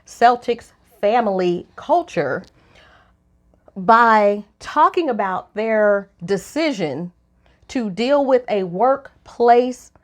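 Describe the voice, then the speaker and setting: A woman co-hosting a relationship podcast, talking in a lively, opinionated way, her voice jumping up high when she is incredulous. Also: slow. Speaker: podcast co-host. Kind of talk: casual opinion chat.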